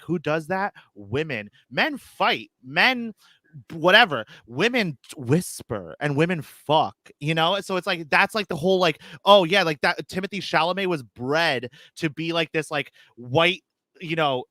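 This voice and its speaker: Casting: high, bright young man from New York, crude rambling podcast co-host, dry close sound. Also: lively intonation, a little slow, no echo. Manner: rambling, crude, mocking, swings from muttered to loud. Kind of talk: casual crude banter.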